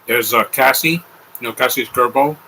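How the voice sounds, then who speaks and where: A man's voice: medium pitch, moderate pace, creaky, sharp tone, breathy edge, poor audio. A young man hosting a live movie commentary, talking in an offhand, rambling way with opinionated asides.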